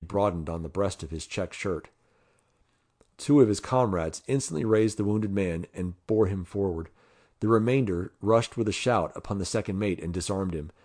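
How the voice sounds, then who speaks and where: A man narrating an adventure novel in a measured way, lifting his voice for the dialogue. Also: warm tone, slightly rough. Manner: measured, voices characters with raised pitch. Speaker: audiobook reader.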